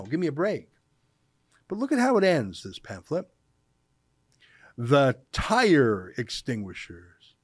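A middle-aged man from Canada delivers opinion commentary from a studio in an emphatic, mocking tone, drawing out key words for effect. His voice sits a little high for a man and leaps up and down with lively pitch. The recording is dry and close, with no room sound. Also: no echo. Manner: sarcastic, emphatic, slows down to stress words. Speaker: show host.

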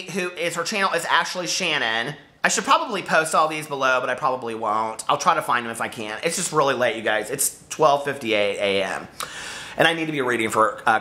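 A woman book vlogger talks casually to camera, gushing and exclaiming often. Her voice is bright and sits at a middling pitch, swooping up and down with lively energy.

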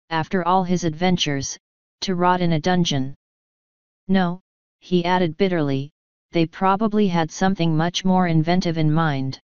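A woman reading a comic fantasy audiobook in a steady, wry storytelling manner. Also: on the low side, clean tone, no room sound, highs cut off. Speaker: audiobook reader. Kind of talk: audiobook narration.

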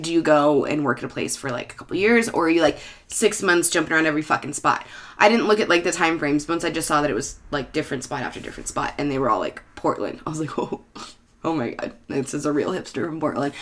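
A woman's voice: lowish voice, a bit bright. A woman vlogger in a casual rant to camera, talking in a profane, sarcastic way.

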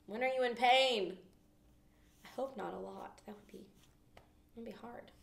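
A woman leading a children's Bible lesson in a playful, expressive way, asking the kids questions as she goes. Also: fairly high pitch, moderate pace, gravelly, a little hiss or hum. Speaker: children's ministry teacher. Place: church children's room. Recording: echoey room, mic at a distance.

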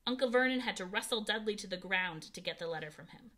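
A woman's voice: medium pitch, expressive, fast talker, bright, forceful tone. A woman reading a children's novel aloud, narrating expressively and giving the characters voices. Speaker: audiobook reader.

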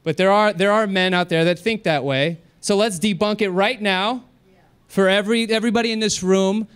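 A man doing a stand-up comedy set on a club stage, telling stories with animated delivery, jumping up high when excited and laughing along with himself. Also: normal speed, clear, resonant tone.

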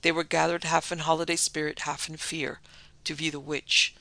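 A podcast narrator reads a classic horror tale in dramatic, measured scripted narration. The voice has a gravelly texture and a bright, forceful edge. Each scene unfolds like a fireside ghost story. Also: medium pitch, flat delivery, no echo.

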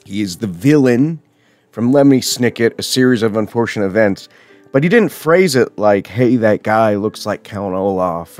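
Brief: an unhurried, swearing, laughing man reviewing films, close-miked. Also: mid-range voice, no room sound. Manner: profane, laughing often, rambling. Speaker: film reviewer. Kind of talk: casual horror movie review.

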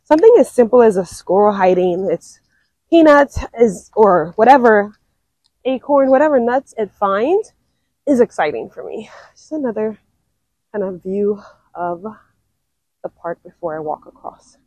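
A woman's voice: medium pitch, lively intonation, measured pace, a little mellow, no room sound, poor audio. A young woman narrating a casual walking vlog in an outdoor park, chatty and full of "like" and "um". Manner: chatty, lots of "like" and "um". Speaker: wildlife vlogger.

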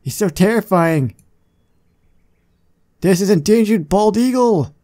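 Chatty man with a mellow voice. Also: high voice, lively intonation, takes it slowly. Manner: chatty, self-deprecating, muttering asides. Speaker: gaming channel host. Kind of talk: casual gameplay commentary.

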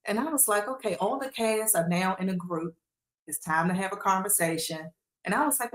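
A woman guest recounts reality show drama in a casual interview, animatedly acting out quotes as she tells the story. Her medium-pitched voice moves a little fast, and the recording has a roomy echo.

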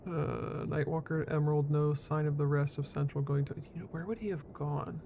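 A man chatting in character during an online roleplay game, answering in a relaxed, easygoing way. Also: fairly high pitch, normal speed, gravelly, slight background noise. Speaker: roleplay gamer.

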